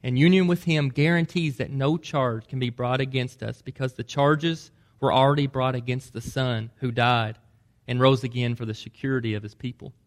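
Earnest preacher man. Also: mid-range voice. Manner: earnest preaching, rising emphasis on key points. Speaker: pastor. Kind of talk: sermon.

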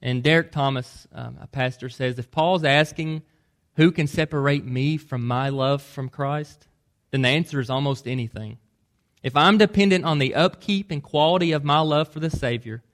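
Earnest preacher man. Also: medium pitch. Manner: earnest preaching, rising emphasis on key points. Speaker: pastor. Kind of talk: sermon.

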